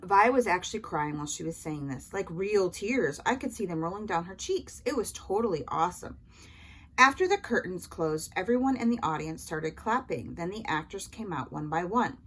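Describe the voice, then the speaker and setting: A woman reading a children's novel aloud in a lively first-person voice. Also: fairly low pitch, moderate pace, low-quality recording. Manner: lively first-person narration as a young boy. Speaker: audiobook reader.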